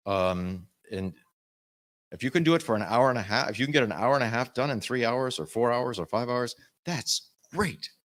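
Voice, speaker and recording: A man with a lowish voice talks on a convention panel about narrating audiobooks. He speaks in an animated way, often breaking off and restarting his sentences. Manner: animated, uses music metaphors, self-interrupting. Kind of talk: panel talk.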